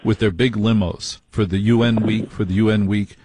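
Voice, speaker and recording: A man's voice: fairly low pitch, steady tone, moderate pace, background noise. A man hosting a late-night call-in radio show, telling stories in a blunt, indignant way.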